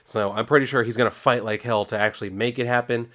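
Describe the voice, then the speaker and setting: A man talks through a comic book issue in a loose, rambling way. He leans on filler words and drops casual swears as he goes. His voice sits at an ordinary middle pitch. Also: fairly even intonation, fast talker, fairly bright tone.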